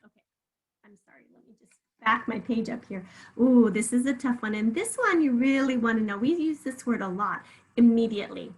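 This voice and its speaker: A woman teaching a remote phonics lesson, patiently drawing words out slowly so listeners can hear each sound. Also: on the high side, lively intonation, poor audio.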